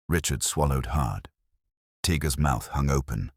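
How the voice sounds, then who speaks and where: A man narrating a folktale in a scripted, dramatic and expressive way. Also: a bass voice, unhurried, slightly rough, no room sound, studio quality. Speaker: storyteller.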